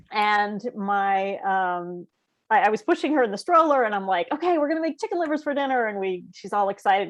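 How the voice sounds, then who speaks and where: Chatty woman telling family stories. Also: medium pitch. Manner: storytelling, animated quoted voices, laughs often. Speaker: panelist. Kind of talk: casual panel chat.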